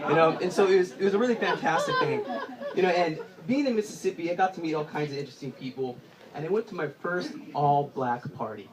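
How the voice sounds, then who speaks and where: A young man doing stand-up, telling stories in an animated way and often laughing through his lines. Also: a little high, fast talker, very noisy. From Southern California. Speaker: stand-up comedian. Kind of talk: stand-up storytelling.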